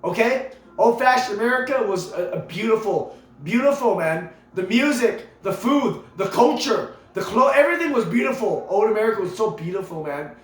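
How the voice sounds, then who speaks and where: A man's voice: high voice, expressive, moderate pace. A man delivering an impassioned political rant to camera, emphatic and preachy, piling up rhetorical questions and repeating himself. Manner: repeats himself, stumbles into restarts. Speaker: vlogger. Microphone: camera mic. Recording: echoey room with faint music behind.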